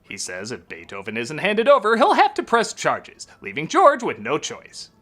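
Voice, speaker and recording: A man's voice: fairly high pitch, huge pitch swings, moderate pace, fairly bright tone, soft background music. A man reviewing a film in a comedic, sarcastic style, with jokey asides. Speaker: film critic. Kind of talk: comedic movie review narration.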